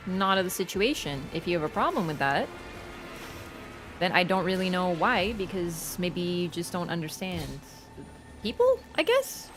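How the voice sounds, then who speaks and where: A young woman streaming a video game, commenting on the action, swearing and getting loud and excitable in fights, blunt when scolding her chat. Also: lowish voice, moderate pace. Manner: excitable, swears, shrieks and laughs during fights. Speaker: gaming streamer. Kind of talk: live gameplay commentary. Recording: game music behind the voice.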